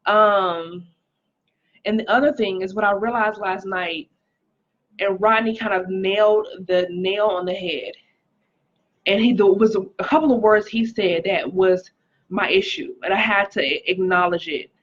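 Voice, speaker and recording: Husky woman sharing a testimony. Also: mid-range voice, unhurried, highs cut off. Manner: earnest, emotional, reads viewer comments aloud. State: pregnant, recovering from stroke. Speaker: life coach. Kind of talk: live-stream testimony.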